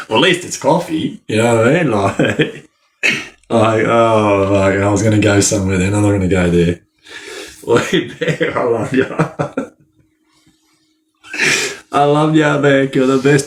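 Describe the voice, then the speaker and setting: A man's voice: lowish voice, lively intonation, slow. A man, telling stories as a podcast guest in a rambling, slang-filled way that is broken up by frequent laughs. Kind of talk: casual storytelling.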